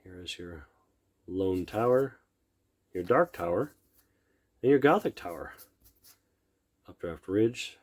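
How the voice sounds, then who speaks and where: A middle-aged man opening card decks at a table, talking slowly in a low, unhurried voice. He murmurs item names half to himself and breaks into admiring comments, often trailing off before he finishes a thought. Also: animated. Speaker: card collector opening packs. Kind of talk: casual unboxing commentary.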